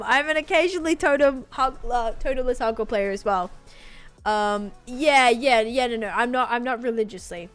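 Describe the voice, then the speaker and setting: Chatty young woman streamer, slightly high voice. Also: unhurried, clear, resonant tone, faint music behind. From New York. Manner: rambling, chatty, thinking aloud. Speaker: gaming streamer. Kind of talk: casual livestream chat while playing.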